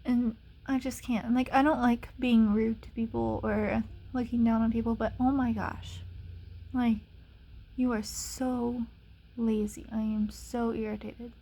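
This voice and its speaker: Raspy, exasperated young woman vlogger. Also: fairly high pitch, level tone, unhurried. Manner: exasperated, sarcastic, many "like" fillers; drops to soft whispers at times. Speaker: ASMR channel vlogger. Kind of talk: casual storytelling rant.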